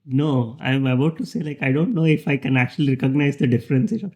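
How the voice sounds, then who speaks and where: A man's voice: medium pitch, steady tone, fast, darkish tone. A man, a podcast guest chatting casually, hesitant and laughing often. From India. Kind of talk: casual chat.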